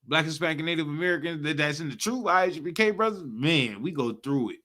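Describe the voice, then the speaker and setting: A young man leads a streamed scripture class in animated slang, talking straight to his listeners. His voice sits high and sounds bright and edged. He keeps checking in with "you feel me". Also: fairly quick. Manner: animated, street slang, repeats "you know what I'm talking about". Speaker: teacher leading a live-streamed scripture class. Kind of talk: casual slangy preaching commentary.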